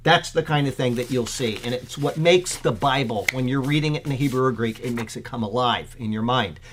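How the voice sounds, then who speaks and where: A man, a pastor, giving an informal Bible commentary in a conversational way, with many fillers, getting excited as he talks. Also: mid-range voice, a little fast, background noise.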